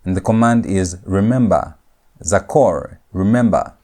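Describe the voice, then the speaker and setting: Slow, deep-voiced male grammar lecturer. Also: a little mellow. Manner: slow, repetitive, spells out each word. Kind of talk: classroom lecture.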